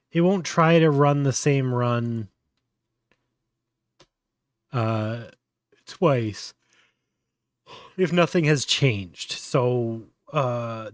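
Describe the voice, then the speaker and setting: A man's voice: a little high, no echo, clean studio sound. Casual man talking through a tutorial. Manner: thinks aloud, many fillers and restarts. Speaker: host.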